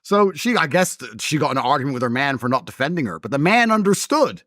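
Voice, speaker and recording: A man's voice: on the high side, quick pace, no echo, studio quality. A man in a casual conversation, telling stories in a blunt, combative way. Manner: animated storytelling, blunt and combative. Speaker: interview host.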